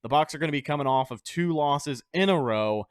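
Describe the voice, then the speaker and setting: A man's voice: a little high, expressive, a little fast, no echo, studio quality. Brash man hosting a sports podcast. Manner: brash, swears freely, confident. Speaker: podcast host. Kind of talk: casual sports podcast chat.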